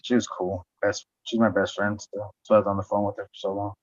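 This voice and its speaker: A man's voice: fairly low pitch, flat delivery, fairly quick, no echo. A man telling a rambling story in casual chat, swearing often and laughing as he talks. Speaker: podcast guest. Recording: dull lo-fi sound.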